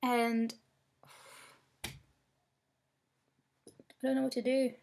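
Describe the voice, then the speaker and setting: Upset young woman venting, slightly high voice. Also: little pitch movement, very slow, creaky, darkish tone, a little hiss or hum. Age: young adult. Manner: upset, rambling and frank, swears often. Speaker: vlogger. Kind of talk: casual venting to camera. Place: small room indoors.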